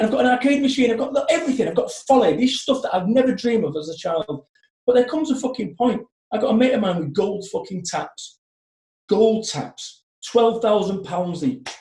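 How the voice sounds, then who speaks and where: A man's voice: high voice, fast talker, echoey room. A man in his forties, a motivational speaker, telling stories bluntly and with plenty of swearing. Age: 40s. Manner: blunt, sweary, animated storytelling. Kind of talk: podcast conversation.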